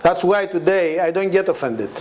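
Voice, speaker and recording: A man's voice: high voice, normal speed, a little hiss or hum. A man giving a conversational testimony sermon, laughing often and acting out the voices of people in his stories. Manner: laughing, animated storytelling, acts out voices in quotes. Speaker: guest preacher. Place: church meeting with a responding congregation.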